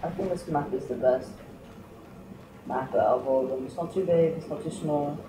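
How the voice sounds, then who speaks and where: A man's voice: a little high, moderate pace. A man giving gameplay commentary, complaining melodramatically and cursing in bursts. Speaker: gaming video maker. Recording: roomy, distant mic with noise.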